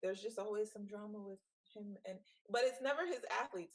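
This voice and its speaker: A woman's voice: medium pitch, fairly quick, hardly any pauses. Playful gossipy woman co-host. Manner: gossipy, playful, laughs often. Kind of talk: casual sports chat.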